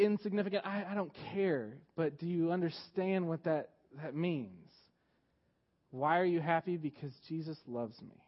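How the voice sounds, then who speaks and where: A man preaching a sermon, swinging between loud emphatic lines and quiet hushed passages. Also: on the high side. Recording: dull lo-fi sermon recording.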